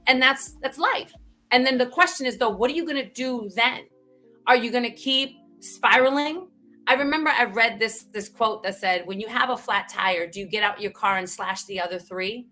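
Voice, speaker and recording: Guest woman, bright and a touch high, animated personal storytelling, faint music under. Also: normal speed. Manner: animated, frequent "right?" tags, bursts of laughter. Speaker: guest speaker. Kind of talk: candid conversational storytelling.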